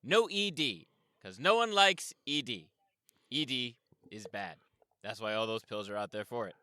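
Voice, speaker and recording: A man's voice: medium pitch, expressive, moderate pace, pushed and bright, clean tone, no echo. A man co-hosting a podcast in casual chat, playful and jokey, with big emphatic outbursts. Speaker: podcast co-host.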